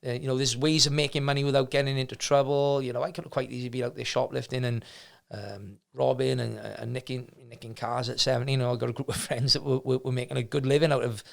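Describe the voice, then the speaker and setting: Fast-talking gravelly man. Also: mid-range voice, fairly even intonation. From Wales. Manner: rambling, many restarts, acts out quoted people. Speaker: martial arts gym owner, guest. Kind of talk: storytelling in casual conversation.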